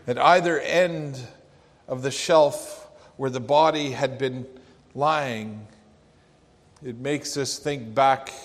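A man preaching a sermon, in an earnest and reflective way. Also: mid-range voice. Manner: slow, earnest, reflective delivery. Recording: long hall reverb.

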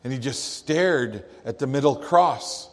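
A man acting as a grieving Jewish father in a dramatic first-person monologue, telling it in a slow, halting, hushed way. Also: medium pitch, animated, natural voice. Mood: stunned. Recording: long echoey hall reverb.

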